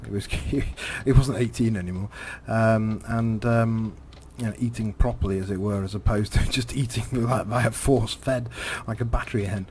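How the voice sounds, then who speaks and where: A man's voice: on the low side, a little mellow, slight background noise. A man, commentating on a driving game while telling a rambling story, full of fillers and repeated words. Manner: halting, many fillers and repeated words, chuckles.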